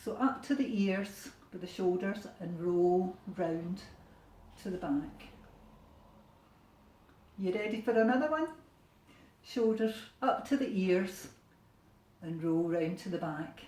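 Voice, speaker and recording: A woman with a Scottish accent leading a gentle home exercise class from her bedroom, giving encouraging instructions in a relaxed way. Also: mid-range voice, takes it slowly, long pauses. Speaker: fitness instructor. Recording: roomy sound from a distant camera.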